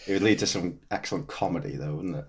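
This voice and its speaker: A man's voice: deep voice, fast talker, crowd noise. A man in casual podcast chat, enthusiastic and a little sweary, often trailing off mid-sentence.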